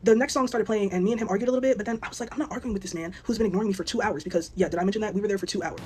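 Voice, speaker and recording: A woman's voice: mid-range voice, racing, a little mellow. A young woman tells a story straight to camera, talking at a breakneck clip and acting out both sides of the exchange. She is blunt and swears freely. A faint hiss sits under her voice. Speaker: vlogger telling a story. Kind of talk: casual storytime narration.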